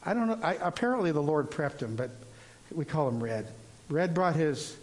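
Older guy preaching, telling his own story, kinda high voice, lots of ums and restarts. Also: sing-song. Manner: rambling, halting storytelling with many restarts and fillers. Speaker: preacher sharing a testimony. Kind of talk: informal sermon testimony.

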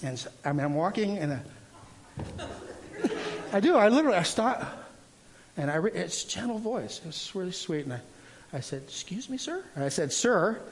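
An older man gives a casual sermon testimony, his voice sitting a touch higher than most men's. He talks in a rambling, halting way, restarting sentences and filling pauses as he tells his story. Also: big pitch swings, vocal fry, slight background noise. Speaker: preacher sharing a testimony.

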